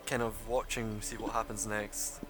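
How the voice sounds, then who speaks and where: A man's voice: fairly low pitch, little pitch movement, moderate pace, music in the background. A man running a tabletop game as game master, narrating loosely with lots of fillers and laughs. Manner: rambling, laughing, many fillers.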